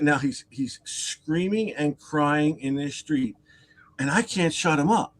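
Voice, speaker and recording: On a live stream, a man with a slightly high voice and slow pace tells a long, rambling story in a casual, animated way. He repeats words, adds asides, laughs and acts out other people's lines.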